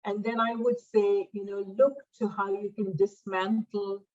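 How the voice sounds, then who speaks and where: Middle-aged woman giving advice as a guest, lots of "you know", medium pitch, bit muffled. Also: level tone, a little mellow. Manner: measured, many "you know" fillers. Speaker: podcast guest, diversity expert. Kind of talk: conversational interview.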